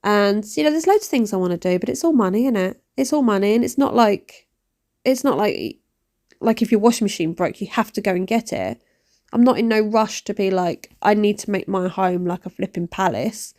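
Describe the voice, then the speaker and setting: A woman's voice: medium pitch, brisk. A woman, rambling and poking fun at herself in a cleaning vlog voice-over. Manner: rambling, self-mocking, animated. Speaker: vlogger. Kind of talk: chatty voice-over while cleaning.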